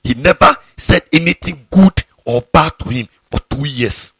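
A male pastor preaches a scolding sermon, his raspy, breathy voice swinging widely in pitch. He sits a bit high for a man and repeats phrases for emphasis. The sound is dry, with no room echo. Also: expressive, a little slow, a bit bright. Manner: fiery, scolding, repeats himself. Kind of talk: sermon to students.

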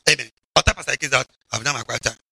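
Male preacher, animated and mocking, gravelly bright tone. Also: medium pitch, rapid-fire, dry recording. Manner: animated, mocking, shouts and drawls for emphasis. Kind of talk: lively sermon to children.

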